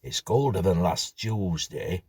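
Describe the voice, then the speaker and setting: A man's voice: low-pitched, lively intonation, takes it slowly, a little mellow, slightly rough, dry recording, clean studio sound, full character voice. A man voicing a benign, chatty middle-aged grocer with a Yorkshire accent, making small talk.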